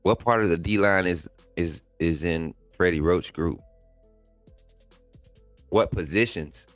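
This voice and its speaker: A man's voice: deep voice, slow pace, dry recording, faint music behind. Man, Southern Alabama accent, live-stream host, casual and chatty, laughs a lot, dry close sound. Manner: animated, laughs often, reads and answers chat comments.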